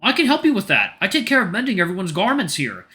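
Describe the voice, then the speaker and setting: A man voicing a gentle, polite male sun bear who mends clothes. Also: sits high, wildly swooping pitch, fast, pitched above the performer's own voice, exaggerated voice. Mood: friendly.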